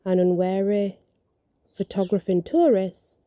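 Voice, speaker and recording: A woman's voice: medium pitch, measured pace, no echo, dull audio. A woman reading ghost stories from notes outdoors, stumbling now and then and correcting herself, with casual asides.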